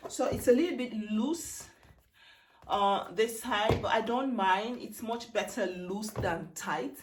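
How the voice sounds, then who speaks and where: A woman in her thirties chatting excitedly and rambling in a casual try-on haul vlog at home. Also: a little high, slow pace, noisy background. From Netherlands. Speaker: beauty vlogger. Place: home room. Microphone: camera set down, handheld mic removed.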